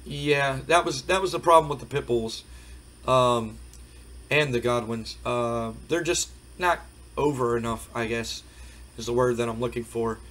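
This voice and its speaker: A hoarse man casually commenting on a wrestling management game, rambling with many fillers. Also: mid-range voice, measured pace, a bit bright, low-quality recording. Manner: rambling, frequent fillers, recapping results. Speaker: game streamer. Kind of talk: casual let's play commentary.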